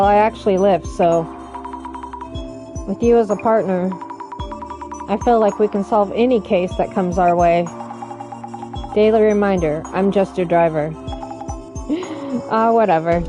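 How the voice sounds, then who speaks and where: Woman reading game dialogue over music. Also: mid-range voice. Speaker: let's play narrator reading all characters.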